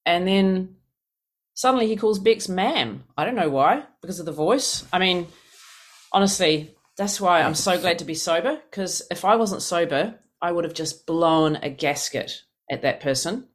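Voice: medium pitch, lively intonation, moderate pace. A person in their fifties from New Zealand with a New Zealand accent, tired and yawning, telling a story in a frank, exasperated way. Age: 50s. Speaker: speaker sharing at a recovery meeting. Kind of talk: personal sharing, casual storytelling.

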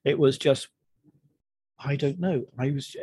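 Man, middle-aged, breathy husky tone, candid halting storytelling, interview guest. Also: mid-range voice, a little mellow. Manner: frank, halting and self-deprecating. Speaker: guest sharing recovery story.

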